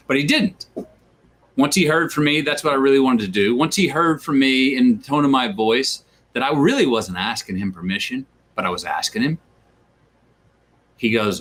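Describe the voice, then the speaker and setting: A man's voice: medium pitch, normal speed. A man as an interview guest, talking casually and acting out quoted voices as he tells stories. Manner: animated storyteller who acts out quoted voices. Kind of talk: casual conversation.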